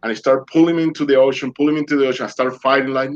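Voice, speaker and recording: A man's voice: mid-range voice, steady tone, rapid-fire, muffled recording. A man being interviewed over a video call, telling his story vividly and acting out what he said, in loose non-native English. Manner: vivid storyteller who acts out his own quoted lines. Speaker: interview guest.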